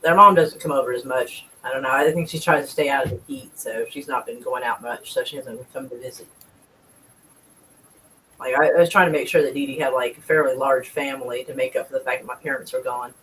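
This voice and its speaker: A man's voice: medium pitch, fairly even intonation, fairly quick, bright, forceful tone, a little hiss or hum, poor audio. A man chatting casually and at length, rambling and swearing freely. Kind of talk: casual chat.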